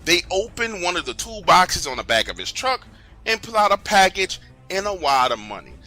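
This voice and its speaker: A man telling a first-person true story in a casual, slangy, animated way. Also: high voice, normal speed, faint music behind.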